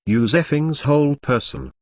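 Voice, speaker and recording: A man's voice: on the high side, normal speed, dry recording. A man's synthetic voice narrating a web novel, reading punctuation marks aloud.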